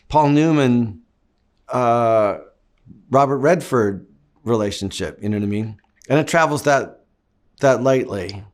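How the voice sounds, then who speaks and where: A middle-aged man from Canada, an actor giving long, reflective interview answers. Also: mid-range voice. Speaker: actor guest.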